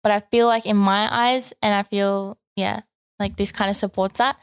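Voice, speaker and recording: A woman's voice: medium pitch, fairly even intonation, normal speed, clean tone, no room sound. Chatty young woman talking faith. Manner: chatty, reflective, many fillers and restarts. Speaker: podcast co-host. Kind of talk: casual faith discussion.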